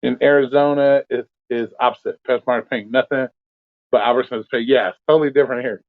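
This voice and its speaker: A man's voice: medium pitch, steady tone, a little fast, no echo. A man hosting an open forum talk stream, ranting bluntly in casual chat and swearing constantly. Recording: dry, phone-like audio.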